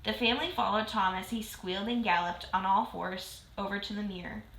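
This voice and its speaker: Bright-voiced woman reading a children's book. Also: medium pitch, brisk. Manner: clear, steady storytelling. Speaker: reader. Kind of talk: children's book read-aloud. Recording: roomy echo.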